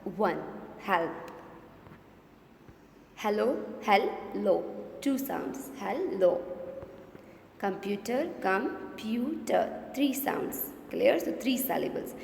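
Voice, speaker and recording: A woman teacher with a Pakistani English accent leads a revision lesson, repeating key words slowly and pausing to check that everyone follows. Her voice has a gravelly edge. The recording is roomy, with a long reverb tail and faint background noise. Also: mid-range voice, expressive, darkish tone. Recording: echoey room with long reverb.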